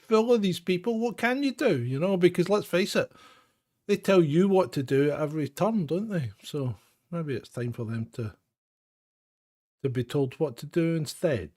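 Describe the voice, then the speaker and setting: A Scottish man hosts a live phone-in stream, chatting casually in a rambling, self-deprecating way punctuated by chuckles. His voice is fairly high, and the studio-quality recording has no room sound.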